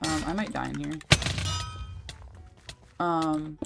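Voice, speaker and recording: A woman's voice: sits low, takes it slowly, creaky, pauses often, over loud music. A young woman streaming a game, rambling and chatty, swearing freely as she talks. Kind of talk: casual livestream chat while gaming.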